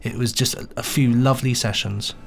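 A man's voice: mid-range voice, steady tone, fairly quick, creaky, soft background music. Chatty man with stop-start delivery. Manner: chatty, stumbling restarts, laughs easily. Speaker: podcast co-host and sound engineer. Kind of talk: casual chat.

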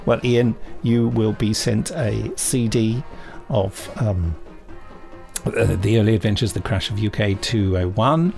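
A man's voice: fairly low pitch, a little slow, gravelly, darkish tone, faint music behind. A man hosting a podcast, reading out a competition result in a chatty, self-mocking manner. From southern England. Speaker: podcast host. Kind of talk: casual podcast chat.

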